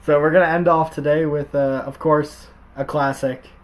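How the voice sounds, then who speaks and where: A man's voice: on the high side, steady tone, normal speed. A man hosting a casual chat, reading stories aloud with frequent laughs and swearing. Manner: laughs often, swears, jokey. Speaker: host.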